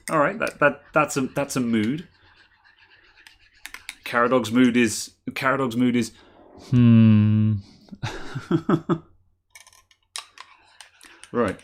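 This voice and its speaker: A man's voice: mid-range voice, drawn-out words, pauses often, fairly bright tone. A man hosting a live tech podcast stream, chatting casually, laughing often and thinking aloud with fillers. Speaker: podcast host.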